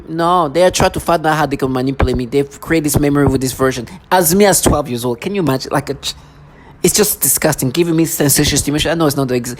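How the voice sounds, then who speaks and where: A vlogger in an intense, repetitive personal monologue who keeps mimicking other people in a lower voice.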